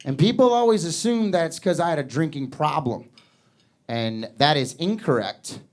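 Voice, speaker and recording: A man's voice: a little high, lively intonation, moderate pace, a little mellow. A man performing a stand-up comedy set on a club stage, with a casual, rambling delivery and acted-out voices.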